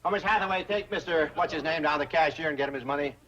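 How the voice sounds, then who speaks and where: An actor playing a pompous, fawning older bank president who grovels in flowery speech in a 1960s sitcom. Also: male voice, a little high, rapid-fire, a bit bright, close to an everyday voice. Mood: scheming. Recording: dull old TV soundtrack with hiss.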